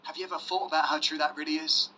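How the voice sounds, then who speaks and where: A man giving a motivational self-help masterclass, pressing the audience with questions and dropping to hushed emphasis. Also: on the high side, little pitch movement, racing, a little hiss or hum, rough recording. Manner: emphatic, asks audience to say yes, swings loud and hushed. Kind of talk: motivational webinar talk.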